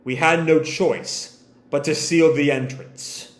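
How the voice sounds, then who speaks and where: A man's voice: on the high side, steady tone, takes it slowly. A man reading aloud the lines of a grave, ancient male dragon in a comic, in his own voice. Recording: echoey room.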